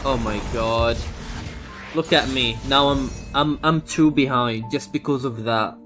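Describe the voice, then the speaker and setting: A man's voice: mid-range voice, steady tone, unhurried, music in the background. A young man giving live commentary on his own game run, exasperated and swearing, with frequent outbursts. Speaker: gamer streaming a speedrun.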